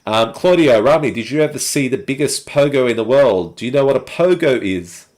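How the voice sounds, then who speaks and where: An Australian man hosting a casual live chat stream and talking to viewers in a relaxed, rambling way with many fillers. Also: mid-range voice, fairly quick.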